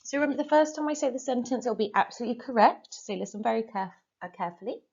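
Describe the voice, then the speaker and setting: A woman, a teacher giving a recorded lesson with clear, patient instructions and repeat-after-me drills. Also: a little high, very fast, darkish tone, muffled recording. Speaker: Spanish teacher.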